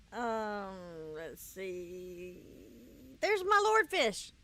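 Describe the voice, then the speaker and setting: A woman's voice: medium pitch, big pitch swings, drawn-out words, sharp tone. Tired woman streaming a game. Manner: chatty, talks to chat and to herself while playing. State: tired with a headache. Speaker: let's play streamer. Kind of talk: casual gameplay commentary.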